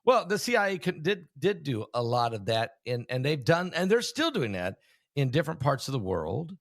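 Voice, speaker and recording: A man hosting a casual conversation, chatty and curious, pausing often to find his words. His voice sits at an ordinary middle pitch, and the sound is dry and close. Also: very animated, no echo. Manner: chatty, questioning, halting with fillers. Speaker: host, preacher.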